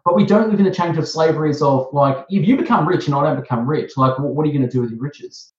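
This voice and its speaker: A man with an Australian accent hosting a casual interview, talking with rambling enthusiasm and pitching up for emphasis. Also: fast, darkish tone. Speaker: host. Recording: echoey, muffled sound.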